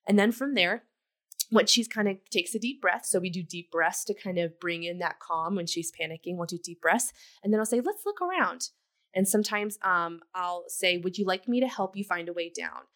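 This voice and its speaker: A woman in a casual podcast conversation, calmly telling a story about teaching her daughter. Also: lowish voice. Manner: reflective, storytelling with examples. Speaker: co-host. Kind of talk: casual parenting podcast chat.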